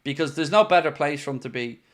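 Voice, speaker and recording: A young Irish man hosting a live football fan stream, chatting casually and reading comments with animated, playfully defiant energy. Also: a little high, fast. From Ireland. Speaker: fan channel host reading live chat.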